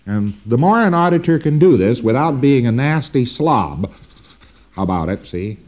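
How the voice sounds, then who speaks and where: A man's voice: mid-range voice, lively intonation, moderate pace. A man giving an informal recorded lecture in a rambling way, often tagging his points with "see?", on a dull old lo-fi tape.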